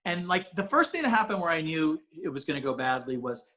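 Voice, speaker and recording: A man's voice: a little high, animated, a little fast, hardly any pauses, bright, forceful tone. A man, a comedian guest, talking casually on a podcast in a rambling way with many restarts. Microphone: ring light setup, home video call.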